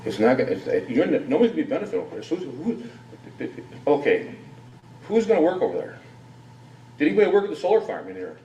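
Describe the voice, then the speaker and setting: Indignant man with a lively voice. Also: fairly high pitch, fast, pauses often, highs cut off, slight background noise. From Wisconsin. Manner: rambling, indignant, full of rhetorical questions. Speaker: resident giving public comment. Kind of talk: unscripted public hearing comment. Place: public hearing room. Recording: echoey hall from far off.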